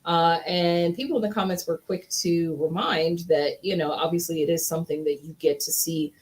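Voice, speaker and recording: A woman's voice: on the low side, moderate pace, low-quality recording. A woman co-hosting a wrestling review show in casual chat, talking through opinions and reading viewer comments. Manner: chatty, analytical, reads viewer comments.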